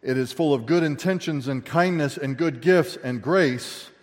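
Pastor preaching in an echoing hall. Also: male voice, normal speed. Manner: conversational, with rhetorical questions to the congregation; swings between loud emphatic bursts and quiet low asides. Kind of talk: sermon. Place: church sanctuary. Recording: long reverb of a church hall.

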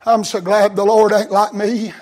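Very high-voiced fervent male preacher. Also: little pitch movement, moderate pace. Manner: fervent, rises to shouts, many fillers. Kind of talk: sermon.

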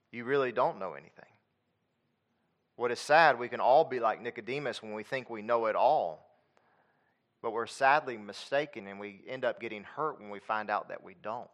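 A man preaching a sermon with emphatic, repetitive phrasing, dropping into quiet conversational asides. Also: mid-range voice.

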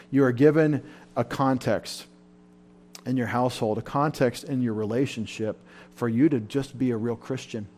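Male pastor, sermon delivery, fervent and emotional, surges loud then drops low. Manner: fervent, emotional preaching with sudden loud rises. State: tired. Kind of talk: sermon at a Bible study.

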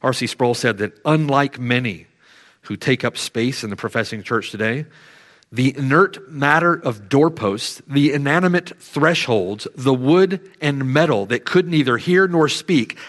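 A man preaching a sermon who swings from hushed, slow reflection to loud, emphatic declarations, drawing out key words. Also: medium pitch, animated.

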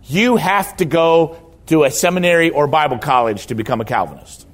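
A man's voice: a little high, expressive, moderate pace. A man preaching a sermon as a pastor, telling stories and hammering key words through repetition. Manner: emphatic storytelling preacher, repeats key words for stress.

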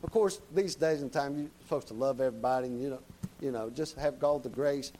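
A man preaching a sermon in a folksy, plain-spoken way, often checking in with the congregation with quick tag questions. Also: medium pitch, warm tone, poor audio.

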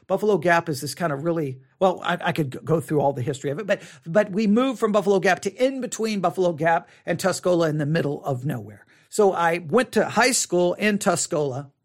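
Man, middle-aged, high-pitched, rambling casual podcast talk, restarts often. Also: expressive, brisk, hardly any pauses. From West Texas. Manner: rambling, conversational, with many restarts and wry asides. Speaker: podcast host.

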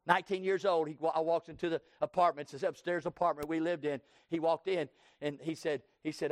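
High-voiced Southern preacher. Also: male voice, fairly even intonation, fairly quick, few pauses, no echo, studio quality. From Texas, USA. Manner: impassioned preaching that swings from loud cries to hushed tones. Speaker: pastor. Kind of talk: sermon with altar call.

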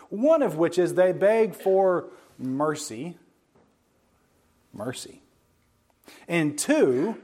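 A man giving a sermon-style Bible lesson, speaking emphatically and slowing down to stress key words, with conversational asides to his listeners. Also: sits high, darkish tone. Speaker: Bible teacher.

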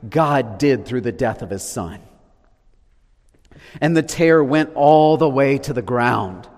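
Man, preacher, sermon, dramatic loud-to-hushed swings, long hall reverb. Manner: dramatic swings between loud declarations and hushed low lines.

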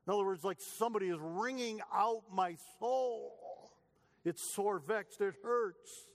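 A man's voice: high voice, unhurried. A man preaching a sermon as pastor, emphatic, growing passionate as he reads the psalms aloud. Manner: emphatic, rising passion when quoting psalms. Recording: reverberant hall.

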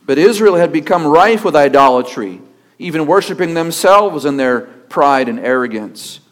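A male pastor preaching a sermon with emphatic delivery, rhetorical questions and steady repetition. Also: on the high side, moderate pace.

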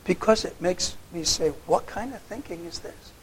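A male pastor preaching a sermon, pressing his hearers with sharp rhetorical questions and shifting between loud challenge and quiet, low asides. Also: normal speed, a little hiss or hum.

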